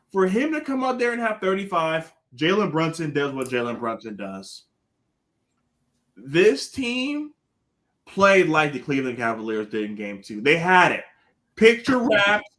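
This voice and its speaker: A man with a high, bright voice that jumps all over the place as he rants about basketball. He tells his stories animatedly and swears freely, sounding like a casual podcast panelist. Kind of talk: casual sports chat.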